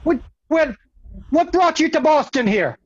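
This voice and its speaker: Older improv actress, high voice, hammy, on a muffled lo-fi recording. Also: female voice, animated, unhurried. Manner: exaggerated, put-on accents. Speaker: improv performer. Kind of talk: improv comedy scene.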